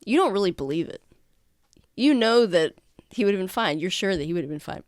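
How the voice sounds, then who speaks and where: A woman narrating a tabletop game as game master in a casual, halting way with many fillers. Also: medium pitch, animated, no echo, clean studio sound.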